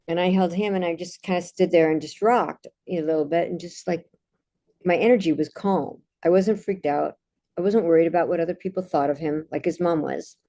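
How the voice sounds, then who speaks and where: A woman telling personal anecdotes in a calm, casual monologue, with frequent restarts. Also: fairly low pitch. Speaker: meditation speaker.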